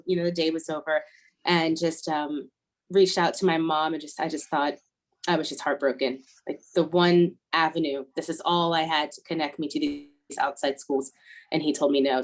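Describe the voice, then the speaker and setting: A woman, an airline first officer, telling a personal story as an interview guest, earnest and repeating key lines for emphasis. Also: deep voice.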